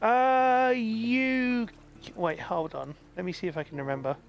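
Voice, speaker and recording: Man, game streamer, lively pitch, on the high side, encouraging, faint background noise. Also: measured pace, gravelly, muffled recording. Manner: encouraging, chatty, reads out chat, laughs often. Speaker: streamer guiding a blind player. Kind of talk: casual game stream chat.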